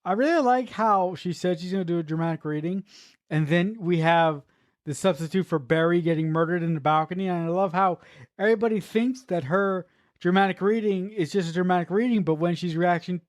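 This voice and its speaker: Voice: medium pitch, brisk, no echo. Podcast co-host, blunt casual film talk, dry close recording. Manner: emphatic, swears freely, repeats words. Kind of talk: casual movie review chat.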